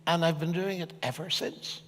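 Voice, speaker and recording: An older man from Ireland, a guest speaker answering questions on stage in an earnest, measured, emphatic way. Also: fairly high pitch, fairly even intonation, a bit bright, big-room sound. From Northern Ireland. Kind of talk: public discussion on stage.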